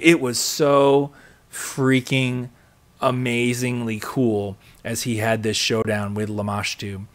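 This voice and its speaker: A man hosting a podcast, recapping a TV episode in a chatty, excitable way with many fillers. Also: mid-range voice, slow pace. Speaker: podcast host.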